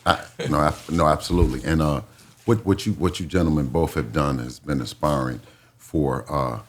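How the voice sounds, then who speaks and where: A man who is a boxing trainer, speaking earnestly in casual chat with halting fillers. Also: rumbling low, slightly rough.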